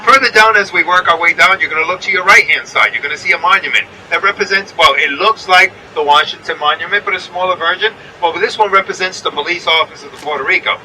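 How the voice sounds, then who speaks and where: A man's voice: sits high, quick pace, few pauses, pushed and bright, recorded from a distance, slight background noise, rough recording. A man with a New York accent guiding a bus tour, chatty and checking in with his listeners as he points out sights from a moving vehicle. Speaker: tour guide. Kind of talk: guided bus tour narration.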